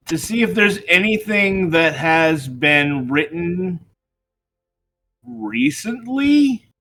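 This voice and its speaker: A man playing in a tabletop game, halting and searching for words with many pauses. He speaks very slowly in a bright, fairly high voice. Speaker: player. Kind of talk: casual tabletop play.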